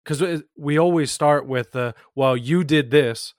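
A man hosting a podcast interview, speaking calmly and reflectively. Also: on the high side, unhurried, no room sound, clean studio sound. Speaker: podcast host. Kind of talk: casual interview chat.

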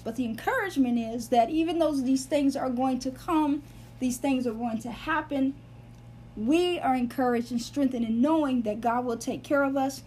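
A woman's voice: high-pitched, darkish tone, a little hiss or hum. A woman giving an earnest Bible teaching, explaining word meanings step by step and repeating phrases for emphasis.

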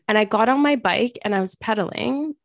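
A woman in her thirties hosting a podcast, telling a personal story in a chatty, animated way with lots of fillers. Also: on the high side, a little fast, gravelly, dry recording, clean studio sound. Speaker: podcast host. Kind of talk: casual conversation.

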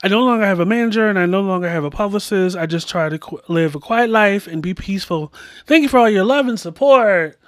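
A man doing an impression of a bubbly older male fitness guru, talking in a high, quick, breathless gush. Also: lively intonation, fairly bright tone, no echo, clean studio sound.

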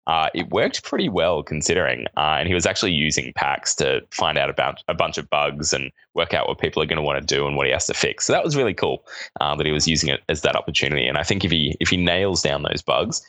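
A man's voice: very deep voice, lively intonation, fast talker, pushed and bright, no echo. A man in his thirties with an Australian accent, co-hosting a casual podcast chat and rambling with lots of hesitations. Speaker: podcast co-host.

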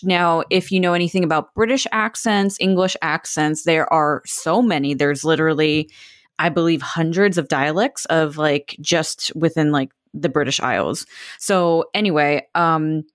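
A woman's voice: low voice, unhurried, no room sound, clean studio sound. A woman co-hosting a casual chat, telling a story animatedly and asking the others what they think. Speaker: podcast co-host.

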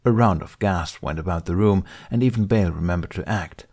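A man narrating a fan fiction audiobook in a steady, even way. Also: sits low, brisk. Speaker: audiobook reader.

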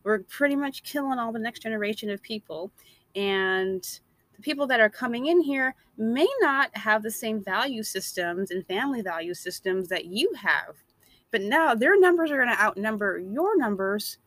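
A woman's voice: fairly high pitch, animated, moderate pace, a bit bright, dry recording. A woman delivering a blunt, emphatic opinion monologue.

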